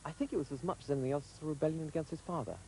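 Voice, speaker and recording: A man answering an interview question briskly and confidently. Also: fairly high pitch, warm tone, slight background noise, low-quality recording.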